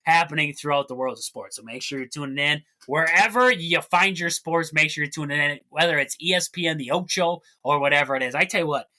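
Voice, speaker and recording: A man's voice: a little high, a little fast, hardly any pauses, sharp tone. A man hosting a solo sports podcast, chatty and jokey, with rambling asides. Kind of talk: casual solo sports talk.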